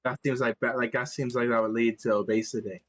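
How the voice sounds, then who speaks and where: Male player, casual in-character talk, mid pitch. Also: fairly even intonation, fast talker, poor audio. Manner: casual, hesitant. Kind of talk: in-character tabletop play.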